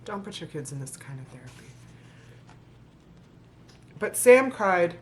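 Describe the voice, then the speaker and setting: A woman with a lowish voice reads a rhyming children's book aloud to camera. She stops often for dry, joking asides, then picks the story back up. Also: very animated, measured pace, background noise. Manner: sarcastic, playful commentary between read lines. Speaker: vlogger reading a children's book.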